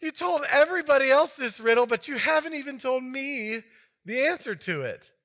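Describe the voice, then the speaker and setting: A man's voice: very high-pitched, animated, moderate pace, fairly bright tone, pitched above the performer's own voice, heavily acted. A preacher voicing a young bride who pleads and guilt-trips her fiance. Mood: pouty.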